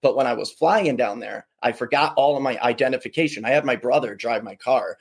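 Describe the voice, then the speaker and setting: A man telling casual stories as a podcast guest, lively and full of voices for the people in them. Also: mid-range voice, brisk, gravelly, husky. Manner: animated, does voices of people in his stories. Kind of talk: casual storytelling.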